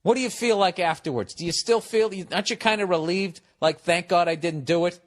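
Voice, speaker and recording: A man's voice: high-pitched, a little fast. A man in his fifties with a Boston accent, giving blunt, profane advice in a casual podcast monologue.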